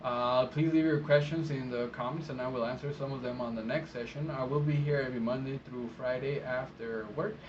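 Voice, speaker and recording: A man's voice: medium pitch, fairly quick, few pauses. Non-native man, casual advice vlog. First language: not English. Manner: relaxed, rambling, many fillers and restarts. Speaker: interpreter giving advice. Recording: dull sound with clear background noise.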